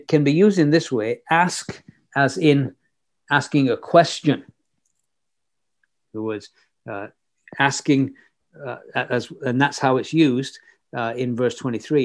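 A man's voice: medium pitch, darkish tone. A man teaching a Bible passage verse by verse, reading scripture aloud and explaining it in a conversational way with fillers and restarts.

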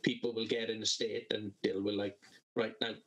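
A man's voice: fairly low pitch, level tone, quick pace, fairly bright tone, rough recording. A man casually telling a rambling, sweary festival story to friends on a podcast. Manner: sweary, rambling anecdote with laughs. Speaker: podcast co-host.

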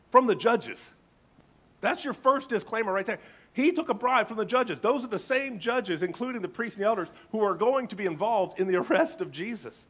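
A man's voice: sits high, fairly bright tone. A male pastor preaching a sermon, reading scripture emphatically and dramatically.

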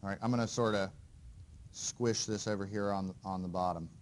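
A man's voice: on the low side, fairly even intonation, moderate pace, slight background noise. Man lecturing, checking in with students. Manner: conversational, quizzes students with frequent "right?" and "okay?". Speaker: engineering lecturer. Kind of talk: university lecture. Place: lecture hall.

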